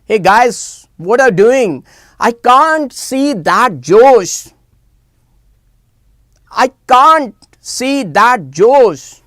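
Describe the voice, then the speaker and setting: A man teaching a live online chemistry class, animated and repeating phrases as he coaxes students to answer in the chat. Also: very high voice, extremely slow, long pauses, no room sound.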